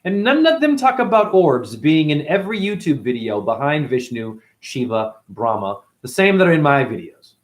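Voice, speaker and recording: A man's voice: a little high, sing-song, moderate pace, hardly any pauses. A man hosting a casual livestream, reading viewer comments aloud and rambling in loose, slangy talk.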